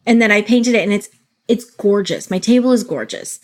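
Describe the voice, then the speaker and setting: A woman's voice: mid-range voice, brisk, darkish tone. A woman in her thirties co-hosting a casual podcast chat, candid and wry, swearing freely. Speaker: podcast co-host.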